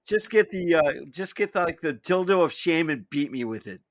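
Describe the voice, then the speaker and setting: Tired, stammering co-host, lively-voiced man. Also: fairly high pitch, normal speed. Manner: stammering, self-deprecating. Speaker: podcast co-host. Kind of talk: casual banter.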